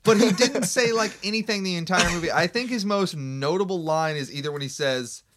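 A man's voice: high-pitched, fairly quick, background noise. A man co-hosting a podcast in casual chat, rambling and jokey with frequent laughs. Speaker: podcast co-host.

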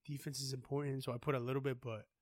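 A man's voice: mid-range voice, little pitch movement, very fast, dry recording, clean studio sound. A man co-hosting a podcast in casual chat, easygoing and full of filler words. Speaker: podcast co-host.

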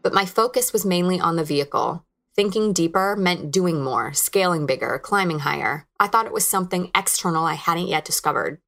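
A woman's voice: fairly low pitch, brisk, gravelly, a bit bright. A woman in her thirties, hosting a podcast, telling a candid, reflective personal story. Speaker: podcast host.

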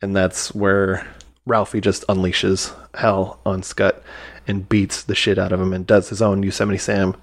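Rambling low-voiced podcast host. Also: male voice, completely flat delivery, a little slow. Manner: rambling, with many fillers and acted-out quotes. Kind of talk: casual movie review chat.

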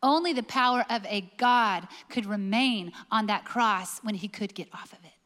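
A woman's voice: fairly high pitch, fairly bright tone, big-room sound. A woman preaching a sermon, emphatic and full of rhetorical questions.

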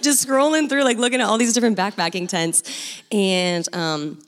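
Young woman, missionary speaker, animated storyteller who laughs often and plays out every line of dialogue. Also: mid-range voice, normal speed. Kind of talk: testimony storytelling.

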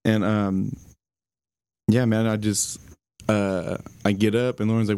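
A young man tells a personal story on a podcast. His voice sits fairly low, and his delivery is halting and casual, full of fillers and the odd curse. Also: little pitch movement, warm tone, clear, resonant tone, no room sound. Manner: halting, many fillers, swears. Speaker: podcast guest.

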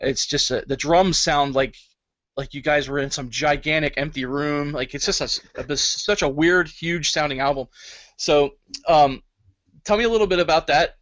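Eager fanboy host, slightly high voice. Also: male voice, normal speed, a bit bright, dry recording, dull audio. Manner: enthusiastic fan, hesitant fillers. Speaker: podcast co-host. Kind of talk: casual interview chat.

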